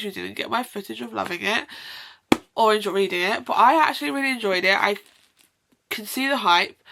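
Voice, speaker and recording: A young woman reviews her reading at home in a loose, chatty ramble, gushing over favourites and stopping to say sorry. Her tone is bright and sharp, with a gravelly fry at the ends of phrases. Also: medium pitch. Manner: rambling, effusive, self-interrupting with apologies. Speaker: book vlogger. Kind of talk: casual chatty book review.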